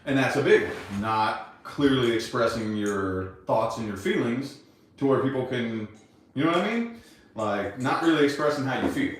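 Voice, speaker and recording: A man in casual conversation with his partner, frank and reflective, cursing without a second thought. His pitch swings a lot as he talks. He sounds set back from the mic in a strongly echoing room. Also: lively intonation, normal speed. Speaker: podcast co-host. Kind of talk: casual couple chat. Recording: echoey room, distant mic.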